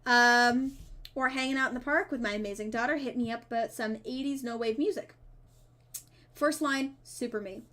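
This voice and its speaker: A woman streamer reading a dating game's dialogue aloud, with playful asides and quick self-corrections. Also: fairly high pitch, sharp tone. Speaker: streamer playing a dating sim. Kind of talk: reading game text aloud with casual commentary.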